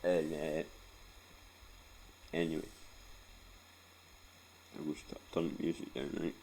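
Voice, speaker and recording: A man's voice: rumbling low, flat delivery, slow, dark tone, a little hiss or hum. A Scottish man in his forties telling a painful personal story in a rambling, sweary way, close to tears and often tagging on "right?". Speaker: vlogger.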